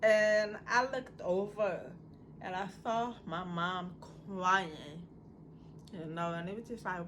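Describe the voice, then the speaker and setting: A woman vlogger telling a personal story in a casual, animated, conversational way. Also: on the low side, a little slow, slight background noise. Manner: animated, conversational storytelling with many "you know"s.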